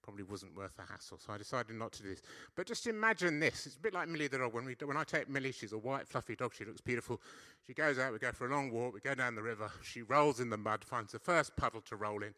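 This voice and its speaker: Chatty preacher guy, middle-aged, really bright voice, playful with the crowd in church. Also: mid-range voice, animated, fast talker, hardly any pauses. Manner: chatty, playful, asks the congregation questions. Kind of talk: lively church sermon. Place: church service.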